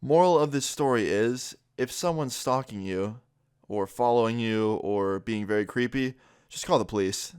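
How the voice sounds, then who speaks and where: A man's voice: mid-range voice, normal speed, smooth, no room sound, studio quality. A young man telling a story to his vlog audience in a casual way, acting out the lines of the people in it. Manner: animated retelling, acting out quotes.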